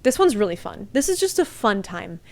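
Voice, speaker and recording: A woman's voice: medium pitch, sing-song, brisk, a little mellow. A young woman in a casual book vlog, chatty and gushing, often laughing as she talks about favorite reads. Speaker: book vlogger.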